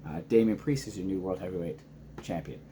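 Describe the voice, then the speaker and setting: Excitable low-voiced man recapping wrestling. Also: brisk, slight background noise. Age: adult, married father. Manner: excited, rambling, lots of ums and restarts. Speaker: wrestling reaction vlogger. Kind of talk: casual reaction vlog.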